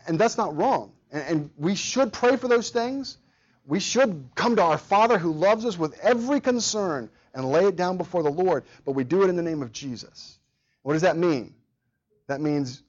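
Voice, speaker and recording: An earnest male pastor delivers a sermon in a slightly high voice. He repeats words as he goes and acts out quoted prayers. The recording sounds dull and lo-fi. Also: expressive, normal speed.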